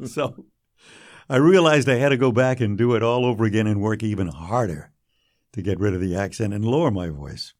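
An older man speaks in a fairly low voice. He tells long stories from his radio career in an anecdotal interview manner, dropping softer when he quotes others. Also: moderate pace. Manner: warm anecdotal storytelling, drops quietly for quoted lines. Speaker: radio broadcaster guest. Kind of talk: storytelling interview.

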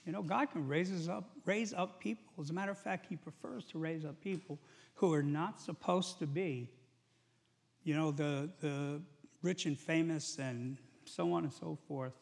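A middle-aged male preacher with a gravelly, fairly high-set voice. He speaks in an easy, conversational sermon style, weaving scripture into casual asides. The sound carries the long echo of a large hall. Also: moderate pace. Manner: conversational, paraphrasing scripture with acted quotes. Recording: echoey hall.

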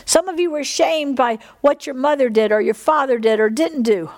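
A woman whose voice sits high preaches at a moderate pace during a church service with a congregation. Her sermon with prayer is fervent, full of repeated phrases, with exhales between lines.

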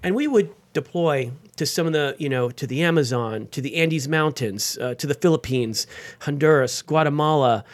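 A man, a veteran guest on an interview show, telling his story with energy and sudden jumps in pitch. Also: moderate pace, few pauses, no echo. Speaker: guest, veteran and nonprofit founder.

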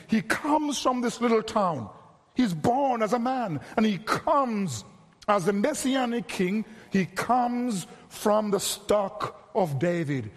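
A man preaching an expository sermon, earnest and measured, stretching key phrases for emphasis. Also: high-pitched, big-room sound.

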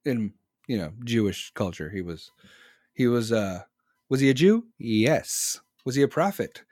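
A man's voice: medium pitch, animated, a little slow, darkish tone, no echo, clean studio sound. A man in his forties in casual, profane, rambling chat, reading and answering comments from his audience.

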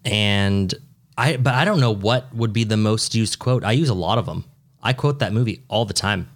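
A man co-hosting a podcast in casual chat, with a dry, joking and drawn-out delivery. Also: fairly low pitch. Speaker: podcast co-host.

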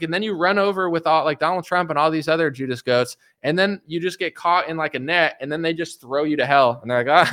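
A man's voice: on the high side, quick pace, pushed and bright. A young man hosting his own show, ranting about politics in a heated, sarcastic, casual way, calling listeners dude and folks. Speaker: political commentary host.

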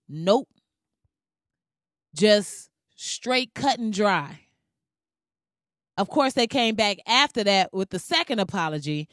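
Woman, profane commentary rant, heated, sarcastic, smooth clear voice, dry close sound. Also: a little high, big pitch swings, slow pace, pauses often, fairly bright tone, dry recording. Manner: heated, sarcastic, heavy swearing. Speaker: vlogger.

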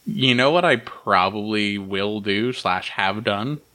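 A man's voice: on the low side, slow pace, pushed and bright. A man hosting a podcast in casual, joking chat, laughing often and swearing. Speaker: podcast host.

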